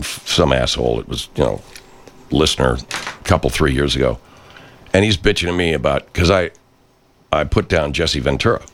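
A man hosting a show, ranting in a brash, foul-mouthed, rambling monologue. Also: rumbling low. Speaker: host. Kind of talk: profane rant monologue.

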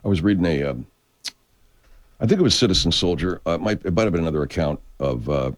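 A man's voice: deep voice, animated, fast talker. A man hosting a show, chatting casually in a profane, digressive way with many restarts. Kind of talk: casual rambling chat. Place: California.

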